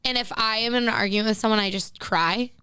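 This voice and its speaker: Young woman, podcast co-host, casual chat, giggly, smooth clear voice, dry close sound. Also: a little high, fast, pushed and bright, no echo. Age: 20s. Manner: giggly, chatty storyteller.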